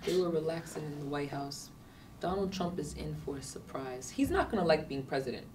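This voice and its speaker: A woman's voice: low voice, expressive, fairly quick, a little mellow. A young woman chatting casually with blunt, offhand remarks. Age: young adult. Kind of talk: casual chat. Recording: distant mic with faint noise.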